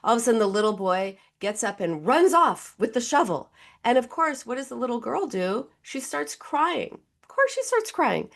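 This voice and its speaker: A middle-aged woman therapist talks in a fairly high voice over a video call. She tells stories in a conversational way and acts out the people in them with a lot of energy. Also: lively intonation, normal speed, vocal fry. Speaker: therapist and guest expert. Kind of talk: conversational storytelling.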